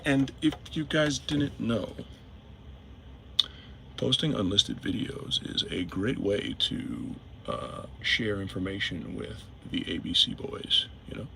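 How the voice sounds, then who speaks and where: A man's voice: medium pitch, gravelly, sharp tone, slight background noise. A man who drives trucks, talking casually and emphatically to his viewers, repeating his points. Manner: repetitive, emphatic, addresses viewers directly. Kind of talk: casual to-camera monologue. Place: in a vehicle.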